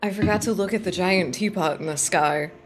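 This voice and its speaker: A woman streaming a video game, chatting casually with quick, profane, joking asides and frequent laughter. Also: on the low side, slight background noise.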